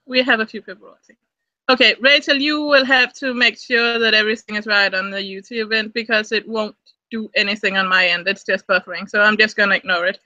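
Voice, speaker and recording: A woman's voice: mid-range voice, steady tone, fairly quick, sharp tone, no echo, lo-fi sound. A woman in her thirties co-hosting a casual live stream, chatty and often repeating words as she starts a thought. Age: 30s. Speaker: co-host.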